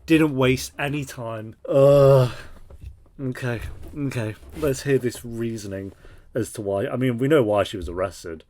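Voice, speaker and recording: A man's voice: medium pitch, unhurried, warm tone. A man hosting a reaction video, talking casually and with exasperation while he swears and comments on scenes.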